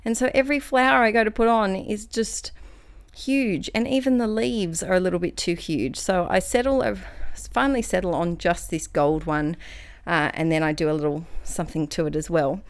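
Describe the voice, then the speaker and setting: A woman's voice: lowish voice, steady tone, normal speed. A young Australian woman narrating her scrapbooking video in a chatty, rambling way, restarting phrases and slightly out of breath. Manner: chatty, rambling, self-correcting. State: a little out of breath. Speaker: craft vlogger.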